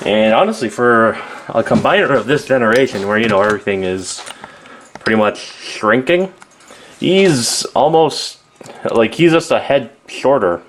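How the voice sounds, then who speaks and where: A man's voice: mid-range voice, lively intonation, unhurried, a little hiss or hum. A man giving a casual, rambling toy review, often correcting himself mid-sentence. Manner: rambling, self-correcting, offhand.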